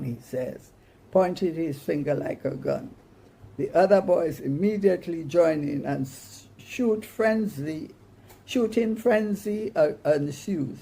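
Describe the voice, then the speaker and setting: Slow, gravelly woman reading a story. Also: low voice. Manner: expressive storytelling. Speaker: story reader. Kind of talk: reading a short story aloud.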